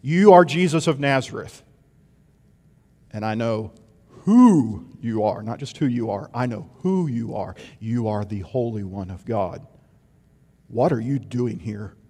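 A man voicing a defiant male demon, loud and accusing, in a reverberant hall. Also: mid-range voice, expressive, a little slow, husky.

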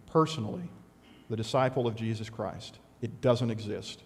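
A middle-aged man preaching a sermon as pastor, conversational and animated with sudden loud bursts. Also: on the low side, normal speed. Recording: long hall reverb.

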